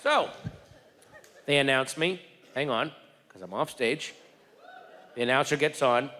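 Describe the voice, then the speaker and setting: A man doing stand-up storytelling on stage, animated, shouting out the crowd's yells. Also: a little high, measured pace, pauses often. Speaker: stand-up comedian. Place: comedy stage before a live audience. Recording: reverberant live venue with crowd noise.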